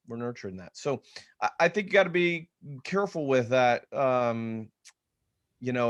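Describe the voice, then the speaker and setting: A man with a drawl leads an online class for real estate agents, his voice sitting in an ordinary middle register. He talks with energy in a loose conversational way and often restarts his thoughts partway through. The sound carries the feel of a video call. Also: mid-range voice. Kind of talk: webinar teaching talk.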